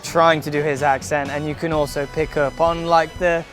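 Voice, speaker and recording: A man's voice: a little high, level tone, moderate pace, fairly bright tone, soft background music. A young British man, a stage actor, explaining his craft thoughtfully in a casual interview. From Britain.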